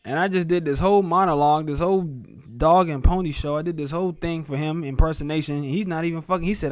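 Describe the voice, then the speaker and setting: A man's voice: fairly high pitch, fast talker, few pauses, no room sound. A man in his thirties hosting a sports live stream, talking to viewers in a rambling, joking, profane way. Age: 30s. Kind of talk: casual live-stream chat.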